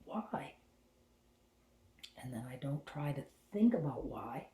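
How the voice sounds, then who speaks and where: Low-voiced, animated woman telling a story. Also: normal speed. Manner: animated, drops into hushed whispers for inner thoughts. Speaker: host and spiritual channeler. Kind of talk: personal storytelling. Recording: roomy echo.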